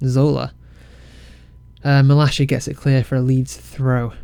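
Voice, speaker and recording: Excitable man narrating a game, dry close mic. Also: mid-range voice, unhurried, creaky, clean tone, no echo. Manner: excitable, self-mocking, rambling with restarts. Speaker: game let's-play creator. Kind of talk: casual game commentary.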